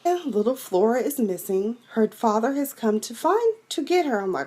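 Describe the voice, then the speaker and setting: A woman's voice: a little high, very animated, moderate pace, few pauses, a little mellow. A woman with a Texan accent, recapping a TV episode in a sassy, exclamatory way, acting out the characters as she goes. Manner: sassy, exclamatory, acts out scenes with many voices. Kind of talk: animated casual recap.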